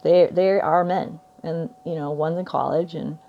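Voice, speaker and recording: A woman's voice: deep voice, fairly even intonation, a little slow, vocal fry, muffled recording. A woman in her forties vlogging at home, rambling through spiritual musings, often laughing and trailing off mid-thought. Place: indoors at home by a window.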